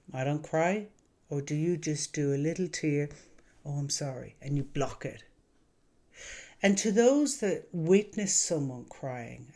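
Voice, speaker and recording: A man speaking as a wellness coach in an unhurried, gentle monologue. His voice sits a little higher than most men's, and he takes his time, pausing and restarting as he talks earnestly to the viewer. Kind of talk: calm reflective monologue to camera.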